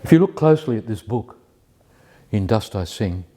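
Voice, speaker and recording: A man telling a personal story with many pauses and restarts, then reading poetry slowly and carefully. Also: on the low side, expressive, warm tone. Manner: hesitant, many restarts and fillers, self-deprecating; slow, measured recitation of verse. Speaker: community member sharing a personal story.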